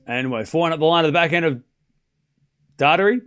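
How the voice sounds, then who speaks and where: Australian male streamer, slightly high voice, playful chat banter mixed with live tennis play-by-play. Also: animated, fast talker, fairly bright tone, smooth. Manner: playful and joking, reads chat aloud, repeats player names to practise them.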